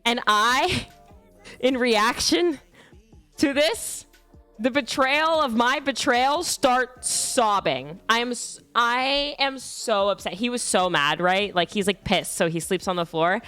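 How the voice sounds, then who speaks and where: A woman's voice: fairly high pitch, animated, a little slow, sharp tone, smooth, faint music behind. A young woman streamer casually telling a rambling, self-deprecating story about her dogs, with frequent fillers and casual swearing.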